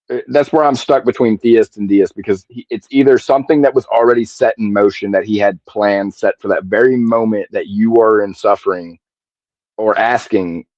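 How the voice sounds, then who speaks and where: A man talking on a video call in a casual stream chat, halting and searching for words with many fillers. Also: fairly low pitch, darkish tone, no echo, muffled recording.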